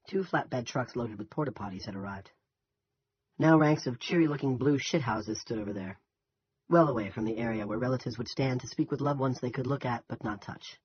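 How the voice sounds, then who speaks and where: A man reading a novel aloud as an audiobook narrator in an even, measured manner. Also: fairly low pitch, a little hiss or hum. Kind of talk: scripted narration. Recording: dull lo-fi recording.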